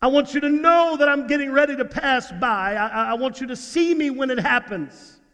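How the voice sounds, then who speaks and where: A preacher voicing God, urgent and insistent, speaking in the first person. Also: male voice, very high-pitched, moderate pace, fairly bright tone, smooth, voice pushed up. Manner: urgent, insistent, repeating himself. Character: God, male, announcing his coming, commanding. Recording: reverberant hall.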